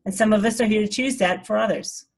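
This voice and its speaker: Woman, spiritual teacher, earnest and rambling, often laughs, mid pitch. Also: quick pace, gravelly. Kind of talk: informal talk to an online group.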